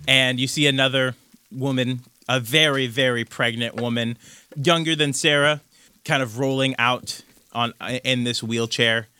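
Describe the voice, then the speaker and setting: Bright-voiced game master narrating a tabletop game. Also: male voice, mid-range voice, fairly even intonation, measured pace, clear, resonant tone, no room sound. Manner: descriptive, conversational, with frequent "like" and "kind of".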